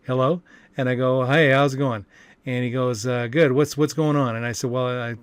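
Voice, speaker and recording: A man's voice: medium pitch, no echo. A man coaching about network marketing in a rambling, casual way, with many fillers and restarts. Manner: rambling, frequent fillers and restarts, chuckles often. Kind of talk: casual talking-head monologue.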